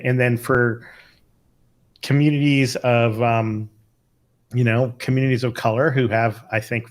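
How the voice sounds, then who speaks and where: Middle-aged male physician co-host; casual, thoughtful delivery with frequent fillers and restarts. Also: mid-range voice. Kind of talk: casual podcast chat.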